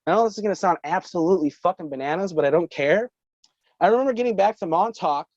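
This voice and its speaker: A man's voice: high voice, lively intonation, fast, darkish tone, no room sound. Brief: male guest, rambling casual storyteller, curses freely, dry and dull remote audio. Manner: rambling, profane, laughing often. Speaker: podcast guest.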